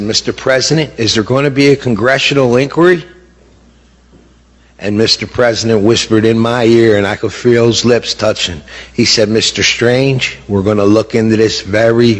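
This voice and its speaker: A man's voice: on the low side, fairly bright tone. A middle-aged man speaking as a bereaved father, giving impassioned testimony. He sounds indignant and repeats words for emphasis. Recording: long hall reverb.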